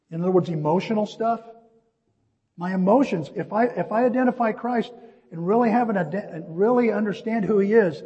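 Midwestern male pastor, middle-aged, high husky voice, lively anecdotal sermon delivery. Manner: storytelling, animated, addresses listeners as folks. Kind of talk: sermon with personal story. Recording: long reverb of a large hall.

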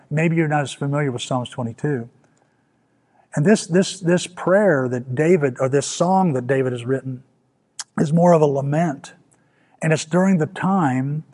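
Middle-aged guy preaching, kinda husky, voice sits a bit high, goes soft then climbs back up. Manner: preaching with soft drops and rising emphasis, some restarts. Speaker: pastor. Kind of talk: sermon.

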